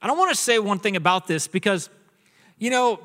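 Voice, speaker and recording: A man in his thirties preaching a sermon in a church, telling jokes and family stories in a relaxed way. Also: sits high, a little fast. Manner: joking storyteller, acts out his son's voice. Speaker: pastor. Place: church auditorium. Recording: long reverb of a large hall.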